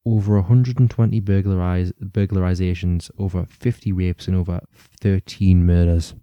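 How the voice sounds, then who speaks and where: Deep, mellow-voiced man chatting on a podcast. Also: steady tone, normal speed, dry recording, muffled recording. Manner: rambling, laughs often, swears casually. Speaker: podcast host. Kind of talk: casual true-crime podcast chat.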